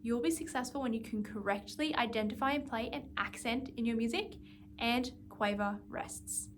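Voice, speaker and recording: A woman's voice: a little high, fairly quick, slight background noise. A woman music teacher leading a guided practice lesson, patiently explaining and counting out beats. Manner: patient, counts and sings note names aloud.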